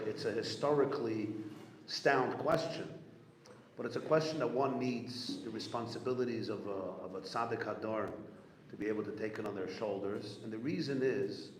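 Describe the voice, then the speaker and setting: A man giving a storytelling talk to a gathering, animated and repetitive, acting out the people he quotes. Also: on the low side. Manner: animated storyteller, repeats phrases, acts out quotes. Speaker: rabbi speaking at a gathering. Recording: echoey hall with long reverb, faint room noise.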